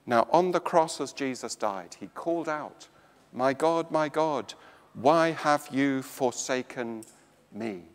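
An English man preaching a slow, emphatic sermon in a church. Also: in a large hall. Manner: slow, emphatic preaching with dramatic swings of pitch and volume.

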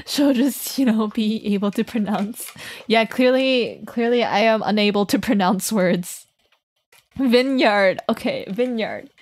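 A woman's voice: fairly high pitch, very animated, slow, breathy edge. A woman streamer chatting casually with her viewers, laughing often and teasing them. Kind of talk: casual live stream chat.

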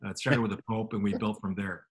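A middle-aged man, a motivational speaker, telling relaxed self-deprecating anecdotes in conversation. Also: lowish voice, quick pace. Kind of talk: storytelling in a radio conversation.

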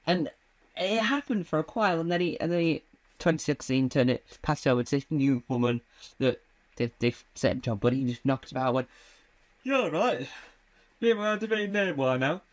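A man doing a stand-up comedy routine, rambling and halting with many fillers and restarts. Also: medium pitch.

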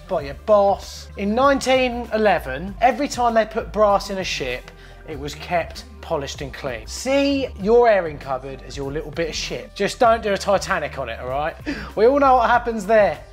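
Working at an indoor job site beside a hot water cylinder, a plumber with a British English accent and a voice that sits high gives a hands-on trade tutorial. He keeps things chatty and full of jokes while going through the work step by step.

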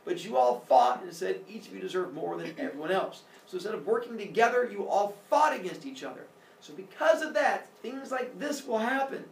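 A man's voice: on the high side, lively intonation, brisk, creaky. A man voicing a wise old male storyteller who patiently lectures a quarrelling town. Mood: lecturing. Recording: echoey room, distant mic.

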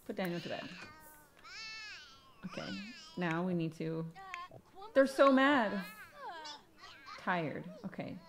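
Fairly low and expressive, this woman's voice moves slowly with frequent pauses, against background noise. She hosts a relaxed gaming video, narrating to herself while playing and breaking into exclamations and laughter.

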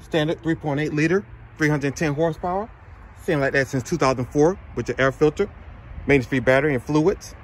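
A man's voice: on the high side, a little fast, slight background noise. A man reviewing a pickup truck at a dealership, calling out its features in short, casual phrases. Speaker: car reviewer. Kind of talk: casual car walkaround commentary. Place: car dealership lot and inside a truck.

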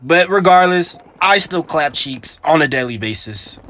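A man casually commentating his own game, excitable and trash-talking, jumping from high yelps to muttered grumbles. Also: measured pace, background noise. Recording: game gunfire and sounds behind voice.

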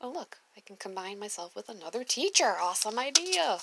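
A woman who used to teach preschool, reading her old notes aloud in a casual chat, gushing and dropping into soft whispered asides. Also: mid-range voice, sing-song, fairly quick, background noise.

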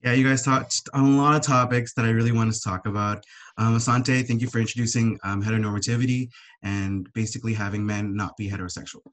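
A young man on a panel shares heartfelt, emotional thoughts about his own life, swearing now and then as he gets upset. His voice is on the low side, steady in tone and quick.

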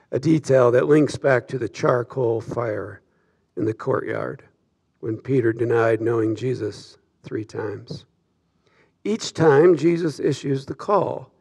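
Gravelly-voiced pastor preaching slowly. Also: male voice, mid-range voice, darkish tone. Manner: reflective, measured preaching with slow emphatic pauses. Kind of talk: sermon. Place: church sanctuary.

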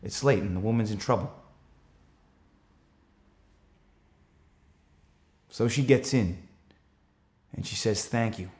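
A man's voice: lowish voice, moderate pace, close to an everyday voice. A man from Australia acting a stage monologue, playing an anxious countryman who earnestly recounts a night drive. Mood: uneasy. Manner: earnest, rising to urgent shouts when retelling the chase. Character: anxious rural man, defensive storyteller. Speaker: actor performing a stage monologue. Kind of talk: theatrical monologue.

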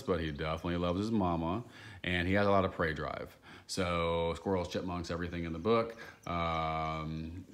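A man's voice: sits low, fairly bright tone. A man who works as a dog trainer explains a training drill in a chatty, rambling way and coaches an owner through it in her home. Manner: chatty and rambling, with fillers and repeats. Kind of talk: casual instructional explanation to viewers.

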